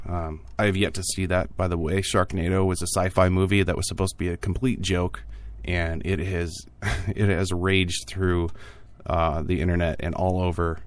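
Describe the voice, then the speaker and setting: Casual podcast host, male, deep voice, jokey offhand delivery. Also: flat delivery, moderate pace. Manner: jokey, offhand asides with frequent fillers. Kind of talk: casual tech news podcast.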